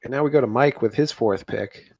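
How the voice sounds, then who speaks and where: A man's voice: medium pitch, brisk, vocal fry, no room sound. A man co-hosting a casual podcast, rambling through his thoughts with fillers and restarts. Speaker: podcast co-host.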